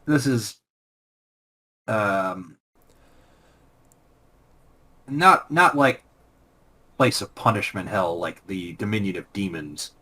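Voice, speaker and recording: Slow, low-voiced man reminiscing. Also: bright, forceful tone. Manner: unhurried, with fillers and bursts of laughter. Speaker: former game master, podcast co-host. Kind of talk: casual storytelling chat.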